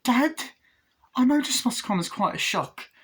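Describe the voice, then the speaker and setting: A man's voice: very high-pitched, lively intonation, measured pace, a bit bright, slightly rough, voice pushed up, heavily acted. A man doing a timid, pleading doll boy. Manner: pleading, fretful.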